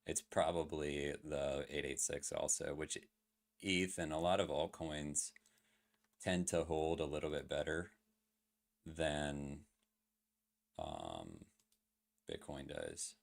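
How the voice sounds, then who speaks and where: A man's voice: very deep voice, fairly even intonation, slow pace. A man streaming live, talking casually through crypto chart analysis with lots of fillers and questions to his chat. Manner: loose, filler-heavy, asks chat questions.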